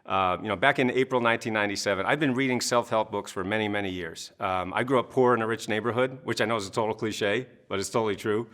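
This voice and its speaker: Energetic man in his fifties, coach, quick delivery, storytelling with laughs. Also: fairly low pitch. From Maine, USA. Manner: energetic, laughs often, acts out his audiences. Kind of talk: animated interview storytelling.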